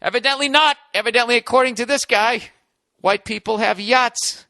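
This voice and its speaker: High, bright-voiced sarcastic ranting man. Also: moderate pace, no echo. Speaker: podcast host. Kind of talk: comedic podcast monologue.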